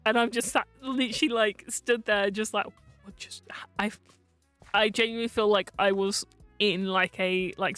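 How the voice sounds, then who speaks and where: Slow-talking, chatty woman streamer. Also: mid-range voice, a bit bright, no room sound. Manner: chatty, laughing often, lots of fillers and swearing. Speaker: vtuber streamer. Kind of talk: casual storytelling on stream.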